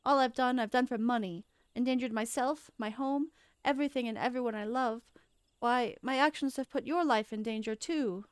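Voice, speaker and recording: A woman's voice: a little high, normal speed, clear, resonant tone, no echo, studio quality, voice pushed up, lightly acted. A woman voicing a treacherous, greedy male soldier who panics and pleads, reading game dialogue aloud on stream. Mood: defensive. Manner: panicky pleading, then gloating.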